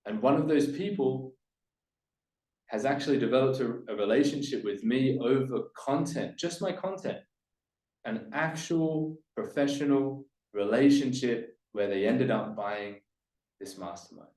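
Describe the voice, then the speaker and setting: A male business coach talking straight to camera at a middle pitch, with the sound bouncing around an echoey room. He leans hard on his points, lifting his voice, then dropping it low and quiet for the key lines. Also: a little slow. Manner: emphatic, demonstrates upward and downward inflection, drops voice on key points.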